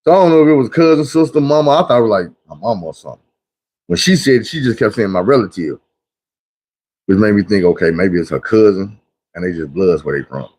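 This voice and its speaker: A man's voice: lowish voice, lively intonation, fast, a little mellow. A man on a livestream giving blunt, preachy street talk in a casual monologue, acting out the people he quotes. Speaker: livestream host.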